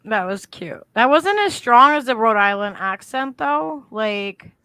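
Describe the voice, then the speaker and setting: A woman co-hosting a casual podcast chat, chatty and quick to laugh. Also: on the high side, lively intonation, pushed and bright, clear, resonant tone.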